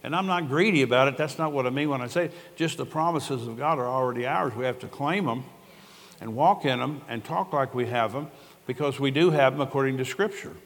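A man's voice: mid-range voice, a little fast. An older man, a pastor, preaching a sermon in an earnest, conversational way and telling stories with quoted dialogue. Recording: long reverb of a large hall.

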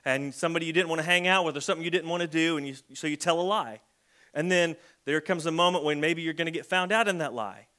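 A man's voice: fairly high pitch, fast, sharp tone. A man preaching a conversational sermon as a pastor, telling everyday stories. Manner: conversational storytelling with acted kid voices.

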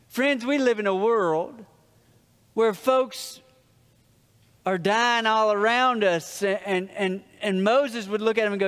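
A pastor preaches to his congregation in a high, clear voice that rings through a reverberant sanctuary. He tells stories with plain humor and drops his voice low to land each punchline. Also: unhurried, fairly bright tone. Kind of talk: sermon. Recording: long hall reverb.

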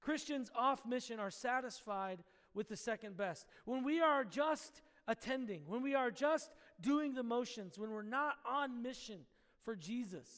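A man's voice: very high-pitched, fairly bright tone, big-room sound. A man preaching a sermon, praying and then telling a story in an earnest storytelling manner. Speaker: pastor. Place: church sanctuary.

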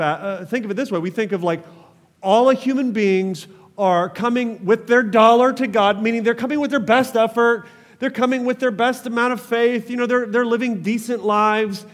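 A man's voice: extremely high pitch, long reverb tail. A man preaching a sermon as pastor, passionate, calling on the congregation to respond.

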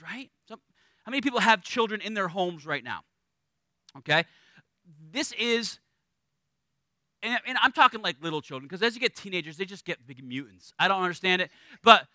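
A middle-aged man preaching a sermon as a pastor, conversational and animated, acting out little voices in his stories. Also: high-pitched, no echo.

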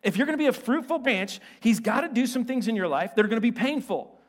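High-voiced man preaching a lively sermon. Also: fast talker. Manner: animated, conversational, playful asides. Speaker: pastor. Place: church.

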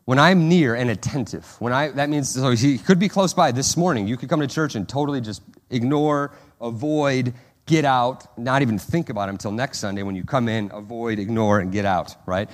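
Man preaching in a conversational way. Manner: conversational preaching with frequent "right?" asides and restarts; animated, acts out prayers and quotes in a higher, louder voice. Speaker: pastor. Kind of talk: sermon.

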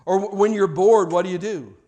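A middle-aged man preaches a sermon in a high, light voice. He talks in an easy, conversational way, often repeating himself as he restarts a thought. Now and then he slips into little acted-out scenes. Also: brisk, dark tone. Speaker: pastor.

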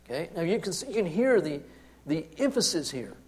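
A man preaching with a somewhat high voice. He moves between quiet, reflective remarks and forceful, emphatic passages, often repeating words for weight. It sounds like a pastor expounding scripture to a congregation. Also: very animated, fairly quick. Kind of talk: sermon.

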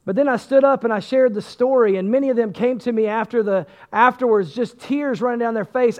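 A male pastor preaching a sermon and telling his own testimony, swinging between loud bursts and hushed asides. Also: extremely high pitch, brisk, hardly any pauses.

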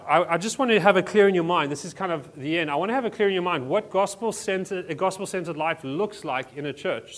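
A man from South Africa, pitched a little high, preaches a sermon to his church. He talks casually, stumbles into restarts and fills pauses with "um" and "uh". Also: a bit bright. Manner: conversational, restarts often, many fillers. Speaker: pastor.

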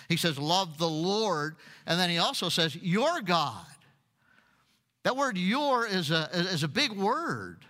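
Male pastor, preaching; bright, slightly high voice, echo of a big church hall. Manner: repeats words, asks the congregation questions. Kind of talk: sermon.

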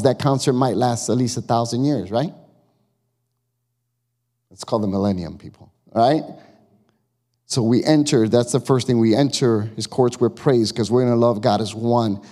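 A preacher with a mellow, medium-pitched voice addresses his congregation from the church sanctuary, emphatic but conversational, asking them questions, all wrapped in the hall's lengthy reverb.

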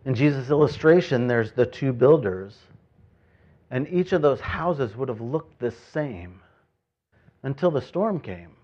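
A man preaching a sermon as pastor, talking in a conversational way that swings from loud, stressed points to quiet, reflective asides. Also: mid-range voice, animated, measured pace, dull audio.

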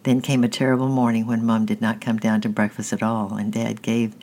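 A man narrating a children's storybook in a steady, plain reading voice with small restarts. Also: on the low side, slight background noise. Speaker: audiobook reader.

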